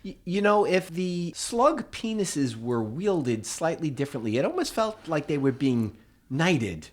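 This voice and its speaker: A male podcast co-host with a lively, swooping delivery and a slightly high voice. He talks theatrically and stretches out his build-ups. The tone is relaxed and comedic. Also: a little slow. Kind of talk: casual comedic chat.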